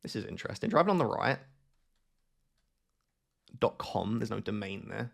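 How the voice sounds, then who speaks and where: A man's voice: fairly low pitch, very animated, normal speed, creaky. A man hosting his gaming channel, giving live gameplay commentary as he thinks aloud and keeps questioning himself.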